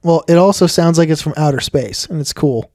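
Man, podcast co-host, wry teasing banter, mellow voice, dry close sound. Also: a little high, brisk, no room sound. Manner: wry, teasing, laughs often. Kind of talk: casual comedic banter.

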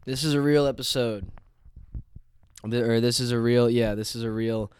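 A man's voice: medium pitch, steady tone, moderate pace, darkish tone, clean tone. A man in his twenties hosting a casual solo podcast, sounding congested and nasal from allergies, rambling with lots of ums and restarts. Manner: rambling, hesitant, with many fillers and restarts. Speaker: podcast host.

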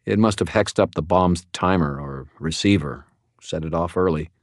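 A man's voice: low-pitched, normal speed, dry recording, studio quality, close to an everyday voice. A man voicing a wry, wisecracking male wizard in an audiobook. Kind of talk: audiobook character voice.

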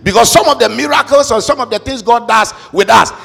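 Husky high-voiced man preaching with shouts. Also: brisk. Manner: emphatic, rises to shouts and sing-song, calls on congregation to repeat. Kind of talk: sermon. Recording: reverberant hall with faint music.

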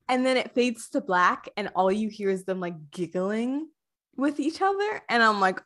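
A woman guest on a podcast, talking casually about a video game in a gushing, animated way with many fillers. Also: fairly high pitch, a little slow.

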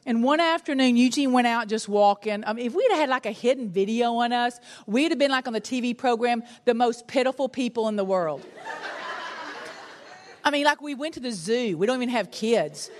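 A middle-aged woman, preaching a sermon and telling a personal story with animated, self-mocking humor. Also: fairly high pitch, brisk, in a large hall. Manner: animated storytelling, laughs at herself. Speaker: pastor's wife and preacher.

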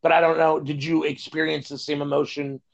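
A man with a gravelly voice speaks in a relaxed podcast chat. He hesitates often, filling gaps with ums and uhs as he reflects. The audio sounds dull and lo-fi. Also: a little high, a little fast. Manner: hesitant, many fillers, reflective. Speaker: podcast co-host. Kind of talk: casual chat.

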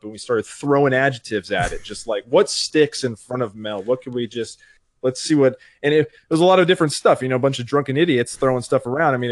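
A man's voice: medium pitch, no room sound, studio quality. A young man, a streamer and podcast guest, telling a rambling, self-deprecating story in casual chat. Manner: rambling, self-deprecating, acts out quoted voices.

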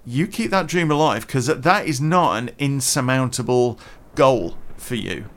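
A chatty British man holds forth in a casual podcast rant, his pitch sitting in an ordinary middle range. He is blunt and sprinkles in mild swearing and lots of "you know". He chews gum as he speaks. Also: measured pace. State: chewing gum. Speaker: podcast host. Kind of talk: casual ranting podcast monologue.

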